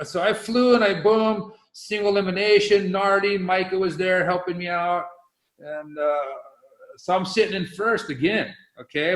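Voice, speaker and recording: A middle-aged man, a podcast guest, telling a long story in casual conversation and acting out his own past reactions. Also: sits high. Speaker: podcast guest, professional windsurfer. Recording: roomy echo.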